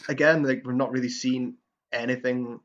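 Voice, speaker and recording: An exasperated man co-hosts a casual film podcast and recaps scenes with plenty of fillers and restarts. His voice sits at a middle pitch. The recording is dull and muffled. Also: level tone, normal speed. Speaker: podcast co-host. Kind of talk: casual film-review chat.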